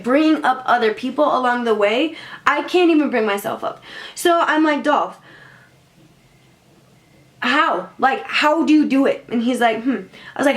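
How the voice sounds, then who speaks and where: A young woman vlogger telling a casual storytime, animated and swearing, full of "like". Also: high-pitched. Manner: animated, swearing, lots of filler "like". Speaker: beauty vlogger.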